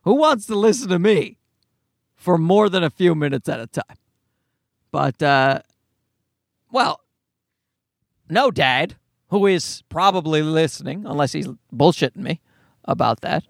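A man's voice: a little high, lively intonation, measured pace, vocal fry, long pauses, no echo, clean studio sound. A man in his forties hosting a casual solo podcast, rambling, swearing freely and poking fun at himself. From Canada. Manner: rambling, profane, self-deprecating. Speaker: podcast host.

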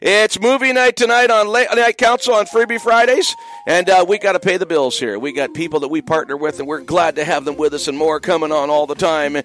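A man hosting a late-night call-in radio show in a studio, loud and upbeat as he takes callers and reads phone numbers. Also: on the high side, fairly even intonation, a little fast, rough recording. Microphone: studio microphone.

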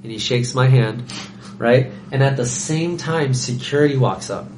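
A young man chatting on a podcast as a guest, telling an animated story and acting out the voices of the people in it. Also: mid-range voice, normal speed, a little hiss or hum. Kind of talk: casual chat, storytelling.

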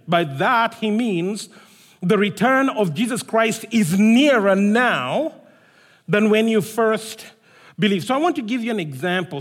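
A high-pitched man delivers a sermon, reading scripture and then telling a lively story in which he voices each character. His voice rings out in a big hall with a long reverb, as if he is preaching from a church pulpit. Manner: animated storytelling with voiced dialogue. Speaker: pastor.

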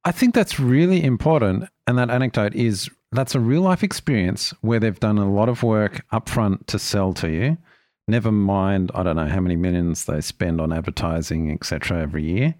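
A man's voice: fairly low pitch, normal speed, darkish tone, no echo, clean studio sound. A man co-hosting a podcast, prompting his partner in casual conversation. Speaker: podcast co-host. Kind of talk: casual chat.

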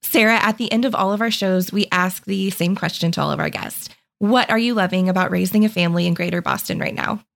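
A woman hosting a casual podcast interview, upbeat and quick to laugh. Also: lowish voice, gravelly, a bit bright. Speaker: podcast host.

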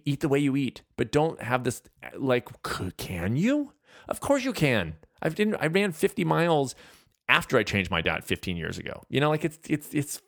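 A man in his forties from California, hosting a podcast and talking in a casual, animated, self-mocking rant. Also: mid-range voice, no echo, clean studio sound. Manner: animated, ranting, self-deprecating. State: out of breath. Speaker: podcast host. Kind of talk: casual monologue.

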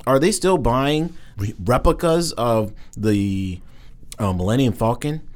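A man's voice: mid-range voice, a little slow. A man co-hosting a podcast in casual chat, wry and incredulous, cracking jokes. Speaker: podcast co-host.

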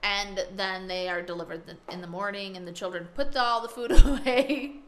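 A schoolteacher with a medium-pitched voice and moderate pace tells a funny story in casual conversation. She's an animated storyteller who acts out the voices of the people involved.

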